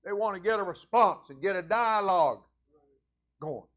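High-voiced preaching pastor, man. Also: expressive, normal speed, dull audio. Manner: preacherly, swings from low asides to loud fervent prayer. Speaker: senior pastor. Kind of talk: sermon.

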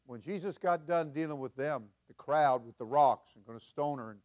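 An older man preaching as senior pastor, folksy and chuckling, building to loud emphatic peaks. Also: a little high, moderate pace. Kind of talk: sermon.

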